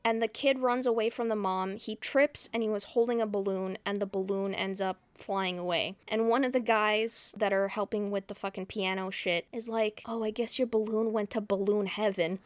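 A woman's voice: mid-range voice, fairly even intonation, moderate pace, few pauses, smooth, no echo. A woman co-hosting a podcast, casually retelling a movie plot, swearing freely and acting out the characters' lines. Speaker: podcast co-host.

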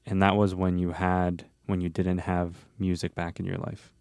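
A male host asking questions and reflecting in a measured way during an interview chat. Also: low voice, monotone, creaky, a little mellow, clear, resonant tone, no room sound, clean studio sound.

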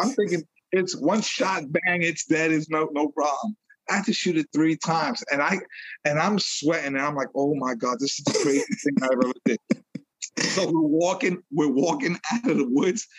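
A middle-aged man from New York telling a story in a casual interview, animated, laughing often and repeating phrases. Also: on the high side, husky, no echo, poor audio. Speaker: guest, retired police detective sergeant.

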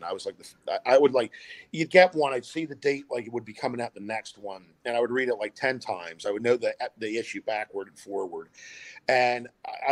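A man's voice: mid-range voice, no echo. Middle-aged male guest, rambling storyteller, dry close sound. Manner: rambling, animated, with many fillers and restarts. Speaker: filmmaker guest. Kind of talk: casual interview storytelling.

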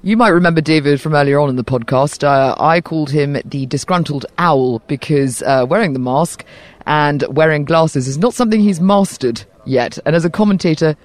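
Speaking at a moderate pace in a low voice, a posh-accented English woman hosts a podcast, chatting casually with a guest she teases on site at an outdoor tennis venue. She comes across as playful and animated.

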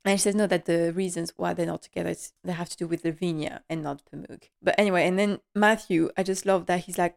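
A woman recaps a TV episode casually, her voice slightly low. She is chatty and gushing, laughing now and then as she retells scenes. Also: steady tone, fast talker, vocal fry, few pauses. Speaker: TV recap vlogger.

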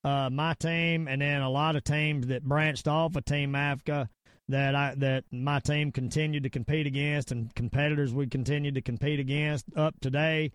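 A man's voice: on the high side, fairly even intonation, normal speed, clear, resonant tone, dry recording, studio quality. A middle-aged man with a Southern US accent, hosting a podcast and ranting in a rambling, emphatic way with repeated words. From Virginia / North Carolina area, US. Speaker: podcast host. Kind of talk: casual podcast rant and sign-off.

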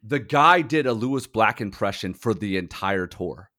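A man's voice: lowish voice, moderate pace. A young adult man, a podcast co-host, telling stories in casual chat, laughing often and acting out what people said. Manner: animated storyteller, laughs often, acts out quotes.

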